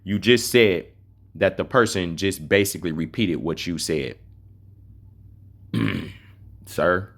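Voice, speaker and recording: A man streaming a game, ranting with mockery and profanity and repeating his points for emphasis. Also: low-pitched. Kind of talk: heated rant over game messages.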